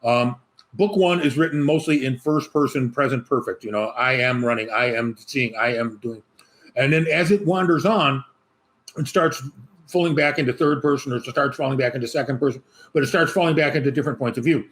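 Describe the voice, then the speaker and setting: A man's voice: medium pitch, a little fast, a bit bright. A man talking as an author guest in a casual interview, rambling and joking with many restarts. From Chicago.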